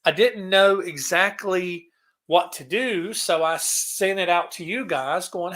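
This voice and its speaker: A man's voice: sits high, slow pace, a bit bright. A man hosting a casual live stream, rambling and greeting viewers by name as he talks. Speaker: livestream host.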